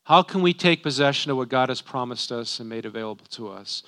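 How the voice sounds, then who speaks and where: A man's voice: mid-range voice, lively intonation, brisk, a bit bright. A man, a pastor, preaching a sermon in a conversational way, often tagging rhetorical questions.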